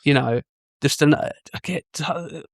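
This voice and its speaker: A man's voice: on the high side, measured pace, dry recording, studio quality. A man co-hosting a podcast, chatting enthusiastically about a film and quoting its lines. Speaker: podcast co-host. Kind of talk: casual film chat.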